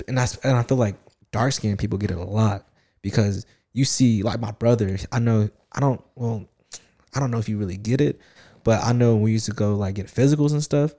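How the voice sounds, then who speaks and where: A young man in casual chat, telling stories in an animated, slangy way with lots of "like". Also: lowish voice, normal speed.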